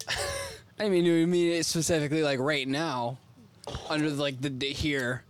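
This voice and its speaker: A man's voice: fairly high pitch, fairly even intonation, moderate pace, background noise. A young man co-hosting a podcast, talking in casual, joking and profane banter. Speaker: podcast co-host. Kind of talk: casual chat.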